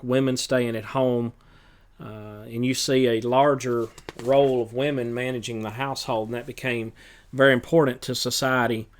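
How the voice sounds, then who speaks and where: A male teacher reviews material ahead of an exam in a smooth, clear voice at an ordinary middle pitch. He speaks plainly and matter-of-factly, stopping often on fillers as he works through his list. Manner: halting, many filler pauses; plain, matter-of-fact instruction. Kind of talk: test review lecture.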